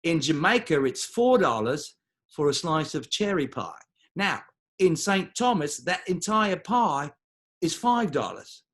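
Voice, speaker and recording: A man's voice: fairly high pitch, very animated, measured pace, fairly bright tone, full character voice. A man imitating a young man from Manchester telling a pun joke, with a put-on Manchester accent and a showy stage delivery. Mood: jokey. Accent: put-on Manchester English.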